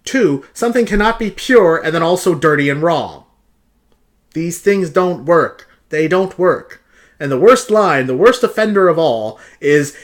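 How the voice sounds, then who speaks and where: A man's voice: fairly high pitch, expressive, a little slow. A man hosting a casual video, picking apart song lyrics in an exasperated, sarcastic rant and repeating his points for emphasis. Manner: emphatic repetition. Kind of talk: casual vlog commentary.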